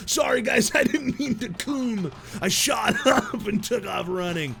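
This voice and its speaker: A man streaming a visual novel, reading the lines aloud in a loud, excitable way and breaking in with crude jokes and sudden shouts. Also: high-pitched, a little slow, vocal fry, few pauses, faint music behind. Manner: crude jokey asides. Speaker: let's-play streamer.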